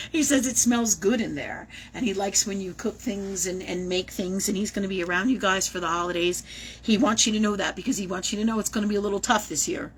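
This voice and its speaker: A woman's voice: medium pitch, a little hiss or hum, poor audio. A woman talking casually and animatedly as a medium in a live-streamed reading, swearing now and then. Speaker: psychic medium.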